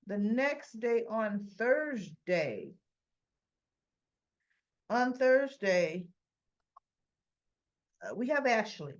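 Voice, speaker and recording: A woman's voice: fairly high pitch, big pitch swings, extremely slow, long pauses, lo-fi sound. A woman hosting a casual soap opera recap, chatty and opinionated, with many restarts.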